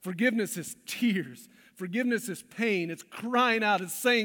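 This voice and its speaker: A man with a high voice preaches to a church congregation, swinging from hushed, intimate lines to passionate, emphatic peaks. His words ring out with a long hall reverb. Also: moderate pace, few pauses. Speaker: pastor. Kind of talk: sermon. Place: church sanctuary.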